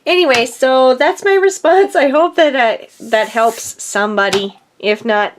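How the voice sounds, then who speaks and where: A middle-aged crafting vlogger with a high-pitched voice talks unhurriedly in her home craft studio against a noisy background. Her casual chat is rambling, chatty, and self-deprecating, and she sounds a little out of breath.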